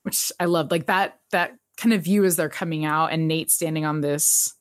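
A woman co-hosting a podcast, recapping a TV episode in animated casual chat and laughing often. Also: low-pitched, normal speed, no room sound, clean studio sound. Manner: animated, laughs often, jumps into quoted voices.

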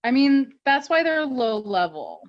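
A woman's voice: sits high, measured pace, no room sound, muffled recording. A woman co-hosting a podcast, chatting casually and animatedly as she recaps a TV episode with laughter. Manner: animated, laughing, acts out quotes. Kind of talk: casual chat.

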